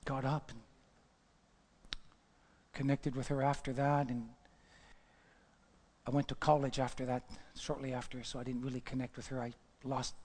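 A man preaching a sermon and telling a story, swinging between loud exclamations and hushed whispers. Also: medium pitch, level tone, normal speed, pauses often. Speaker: pastor. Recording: long hall reverb.

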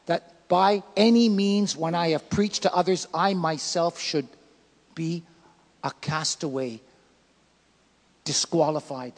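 A male pastor preaching a sermon, swinging from loud emphatic lines to quiet soft ones. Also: sits high, big-room sound. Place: church.

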